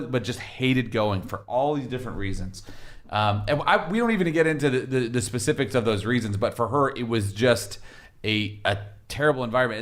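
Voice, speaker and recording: A man hosting a podcast discussion, telling a story in an animated way with quick asides. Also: medium pitch.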